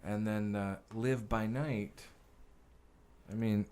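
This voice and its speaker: A man with a somewhat low voice tells stories as a podcast guest. His speech is casual and profane, and it wanders with plenty of fillers and restarts. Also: fairly even intonation, takes it slowly, warm tone, smooth. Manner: profane, rambling, many fillers. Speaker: guest actor and director. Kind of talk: casual interview storytelling.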